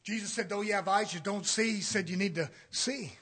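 A man delivers a sermon with fiery energy, his fairly high voice moving at a quick clip. He swings between shouted declarations and hushed asides, using folksy Southern phrasing.

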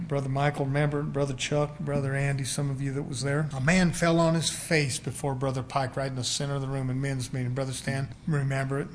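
A man preaching a sermon in a folksy, emphatic way, swinging between loud and quiet and acting out quoted voices. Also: on the high side.

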